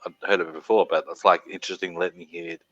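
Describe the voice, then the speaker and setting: A man with a lowish but bright, forceful voice speaks haltingly in a casual livestream chat. He repeats himself and drops in agreeing fillers, and the sound is dry. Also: little pitch movement, no echo, lo-fi sound.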